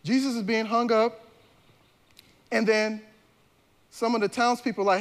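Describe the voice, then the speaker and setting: A male pastor delivering a sermon in a relaxed, conversational style, with slangy turns of phrase. His voice sits high for a man, and he often restarts his sentences mid-thought. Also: moderate pace, pauses often.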